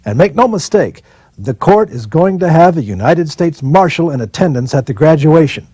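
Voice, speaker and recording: A man's voice: on the high side, lively intonation, normal speed, dark tone, breathy edge, dry recording. A man reading out the words of a stern, threatening male federal judge in a severe, warning tone.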